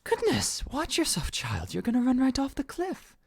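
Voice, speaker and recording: A man voicing a gentle mother scolding her small child playfully. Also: extremely high pitch, wildly swooping pitch, moderate pace, creaky, no echo, clean studio sound, pitched above the performer's own voice, exaggerated voice. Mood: fondly teasing.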